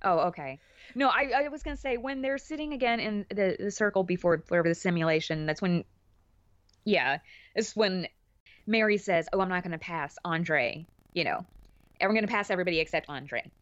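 A woman chatting as a podcast guest, animated, laughing often and restarting her sentences. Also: lowish voice, a little fast, dry recording. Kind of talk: casual chat. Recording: dull dry lo-fi audio.

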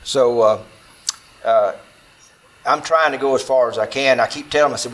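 A man's voice: medium pitch, moderate pace, long pauses, slight background noise, low-quality recording. Folksy man telling a story. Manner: folksy, animated, acts out dialogue, filler-heavy. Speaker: storyteller speaking to an audience. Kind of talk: spoken true-story telling.

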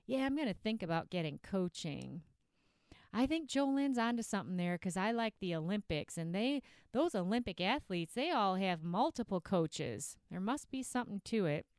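A woman's voice: mid-range voice, animated, moderate pace, a little mellow, smooth, no echo, studio quality, natural voice. A woman voicing a self-pitying, procrastinating dieter who rambles and keeps getting distracted by food, in a comedic skit inside a podcast. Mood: dithering. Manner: rambling, procrastinating, easily sidetracked.

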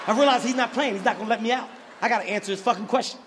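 High-pitched guy doing stand-up, yelling and swearing, big echoey hall, crowd laughing. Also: very fast, background noise. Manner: profane, shouty, animated storytelling. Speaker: stand-up comedian. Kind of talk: live stand-up routine. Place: large live venue. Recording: live venue with reverb and audience. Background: audience laughter.

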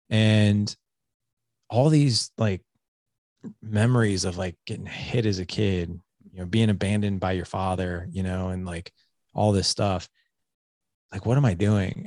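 Gravelly low-voiced man telling his story. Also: darkish tone, dry recording, clean studio sound. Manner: earnest, confessional, with frequent restarts and "like". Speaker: podcast guest. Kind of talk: candid personal storytelling.

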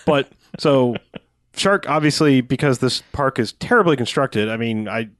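A man's voice: mid-range voice, normal speed, a bit bright, dry recording, clean studio sound. A man co-hosting a podcast, recapping a movie in casual, rambling chat with frequent laughs. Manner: rambling, jokey, laughs often. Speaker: podcast co-host.

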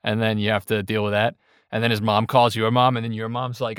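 A man's voice: on the low side, completely flat delivery, fairly quick, fairly bright tone, smooth, no echo, clean studio sound. A young man co-hosting a podcast, joking and rambling in casual chat with lots of fillers. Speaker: podcast co-host.

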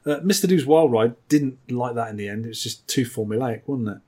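Husky, dry-humoured man. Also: mid-range voice, a little fast, a little mellow. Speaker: podcast co-host. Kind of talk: casual chat.

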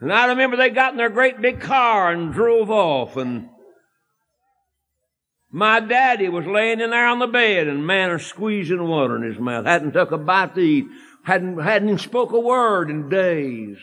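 A man preaching a fervent, folksy sermon and telling a story that builds to shouted emphasis. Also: high-pitched, expressive, measured pace. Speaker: evangelist preacher.

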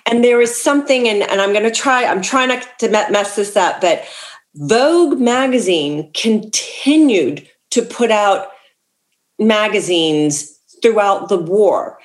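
A talkative woman author in a casual interview, rattling off stories with lots of asides and easy laughter. Her voice sits at an ordinary middle pitch for a woman. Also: animated. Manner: chatty, laughs often, quick asides. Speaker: author guest.

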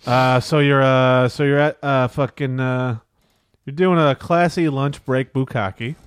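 A man's voice: mid-range voice, fairly even intonation, a little slow, clear, resonant tone, no echo, studio quality. A man co-hosting a crude comedy podcast, playful and laughing often. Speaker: podcast co-host.

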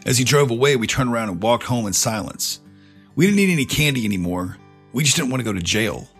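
A man's voice: medium pitch, lively intonation, quick pace, faint music behind. A man telling a personal story in a casual, swearing, conversational way.

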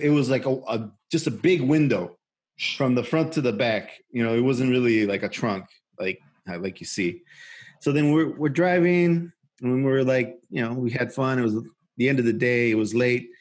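Husky man telling a rambling story. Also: medium pitch. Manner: rambling, profane, many fillers and restarts. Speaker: podcast co-host. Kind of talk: casual storytelling.

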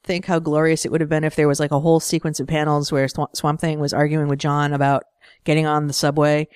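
A woman's voice: deep voice, flat delivery, fast, a little mellow, clear, resonant tone, no echo, studio quality. A woman co-hosting a casual comic book podcast, playful and jokey, who giggles often. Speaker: podcast co-host.

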